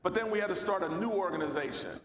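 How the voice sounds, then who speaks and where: Founder-type speaker, male, casual and folksy, works the crowd; high voice, roomy hall sound. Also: fast, fairly bright tone, slight background noise. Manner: loose, folksy, calls out to the crowd. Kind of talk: lively speech at a luncheon. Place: large banquet hall. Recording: echoey hall with long reverb.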